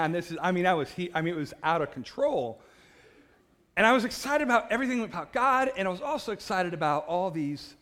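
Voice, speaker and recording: A man giving a personal faith testimony, an animated storyteller who laughs at himself and trips over repeated words, passionate and loud by his own account. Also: on the high side.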